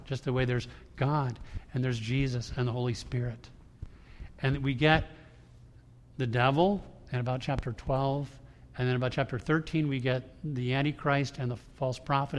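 A man preaching a sermon to a congregation, emphatic and swinging between hushed lines and loud ones. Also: medium pitch, fairly even intonation, normal speed. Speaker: pastor. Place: large church room before a congregation. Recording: long hall reverb.

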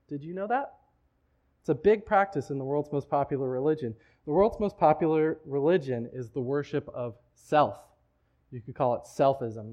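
A man's voice: fairly high pitch, a little mellow. A man preaching a sermon in a church, talking in a conversational way with frequent restarts. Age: adult, married. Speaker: pastor.

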